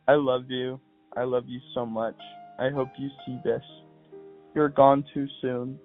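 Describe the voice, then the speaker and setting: A young man, a podcast guest, speaking in a soft, halting, heartfelt way as he reads aloud and chats. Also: medium pitch, level tone. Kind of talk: reading aloud and casual phone chat. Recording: tinny phone line with faint music.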